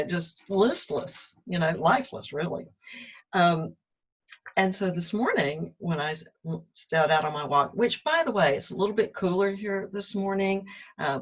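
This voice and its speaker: A woman talks through her walking meditation in a musing, conversational way, with drawn-out pauses, recorded outdoors on a walk. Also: lowish voice, slightly rough, dull audio. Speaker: meditation vlogger. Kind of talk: reflective spoken vlog.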